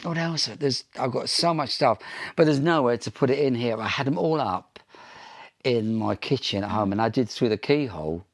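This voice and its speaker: A man's voice: mid-range voice, expressive, moderate pace. A man from Ireland, a pop singer, chatting in an interview and telling long anecdotes with frequent ums and restarts. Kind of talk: casual interview storytelling.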